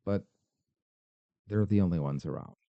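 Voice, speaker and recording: A man's voice: deep voice, moderate pace, warm tone, dull audio, a little hiss or hum. A man hosting a podcast, reacting to paranormal videos with skeptical, sarcastic commentary. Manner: skeptical, dry, sarcastic asides. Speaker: podcast host.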